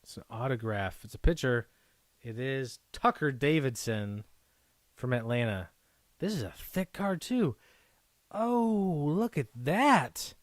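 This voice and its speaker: Speaking slowly with a mid-range pitch, this man runs a live card break in a dry recording. His talk is chatty and meandering, and he lets out gasps and whoops when strong pulls appear.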